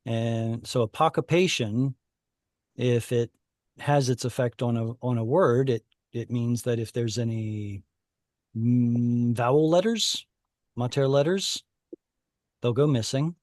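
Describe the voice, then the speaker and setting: A man teaching a Hebrew class online over a video call, explaining patiently and thinking aloud with pauses. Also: mid-range voice, darkish tone, no echo, clean studio sound.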